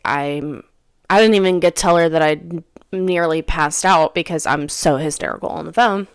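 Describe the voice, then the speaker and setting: A young woman chats through a personal story as a podcast host, looping back over her own phrases. Her voice sits a little low and comes across smooth and clear. The sound is dry and close. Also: moderate pace, no room sound. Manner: rambling, repeats her phrases. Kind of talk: casual storytelling.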